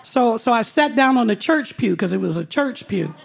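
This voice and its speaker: Animated woman storyteller, fairly high voice, quick to laugh. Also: vocal fry. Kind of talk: personal storytelling.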